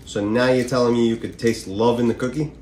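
A man's voice: mid-range voice, steady tone, brisk, a little mellow, roomy sound, a little hiss or hum. A man playing a friendly, polite baker in a comedy sketch.

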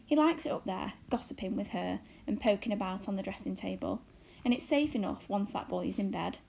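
A woman's voice: medium pitch, expressive, fairly quick, gravelly, darkish tone, a little hiss or hum. A woman reading aloud and voicing a fussy, anxious borrower mother who scolds and worries. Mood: brisk.

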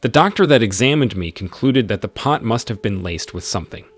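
A man, host of his channel, narrating a first-person story in an expressive reading style. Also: fairly low pitch, brisk.

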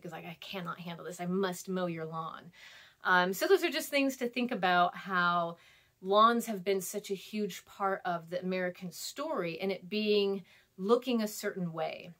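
A woman's voice: medium pitch, a bit bright. Woman in her 30s doing a recorded class lecture, rambly and chatty, lots of ums and laughs, acts out quotes. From California, US. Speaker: instructor.

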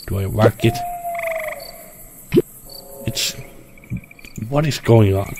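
Over background noise, a gameplay streamer talks to himself very slowly in a lowish, gravelly voice. His let's play commentary is frustrated and full of swearing.

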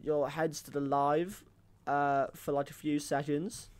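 A man's voice: fairly high pitch, level tone, a little slow, natural voice. A man playing a defensive, whiny 1600s plotter in an improvised comedy sketch, swearing and protesting his innocence. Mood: aggrieved. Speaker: guest playing a historical figure.

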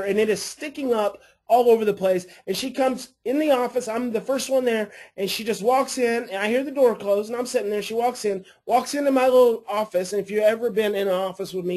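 A man, an adoption coach and therapist, telling a story to his class in a lively way and acting out the people in it. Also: high voice. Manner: animated storytelling, acts out quoted voices.

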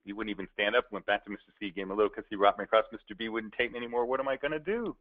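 A man softly voicing a pleading lovesick young woman. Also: lowish voice, racing, close to an everyday voice. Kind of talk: storytelling voices in a talk. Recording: tinny narrow-band recording.

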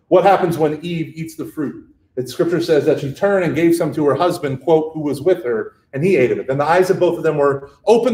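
A man teaching a Catholic catechism lesson, animated and conversational, often checking in with "right?" and acting out the voices in scripture stories. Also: a little high, reverberant.

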